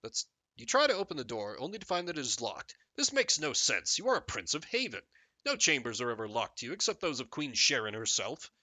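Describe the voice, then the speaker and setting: A man's voice: medium pitch, brisk, no echo. A man streaming a text game live, reading the story aloud and joking about it. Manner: jokey, animated, reads game text and riffs on it.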